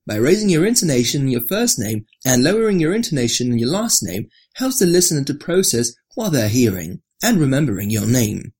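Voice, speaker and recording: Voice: darkish tone, slightly rough. A narrator reading an article aloud in a scripted style, dropping the voice on each attribution. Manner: reads with marked rises and drops, lower for attributions.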